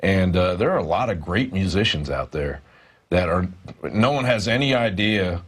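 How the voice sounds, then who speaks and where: A man's voice: deep voice, expressive, moderate pace. A male reporter talking through a studio news discussion, rambling and hesitant with many fillers.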